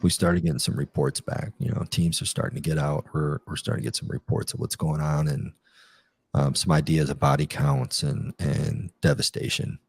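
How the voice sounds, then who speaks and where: A middle-aged man with a very low, mellow voice recalls his service in a relaxed interview. He talks in loose runs, full of fillers and restarts. The sound is dry and close. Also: moderate pace, creaky, husky, no echo. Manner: rambling, many fillers and restarts. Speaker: guest, retired Army captain. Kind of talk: casual interview storytelling.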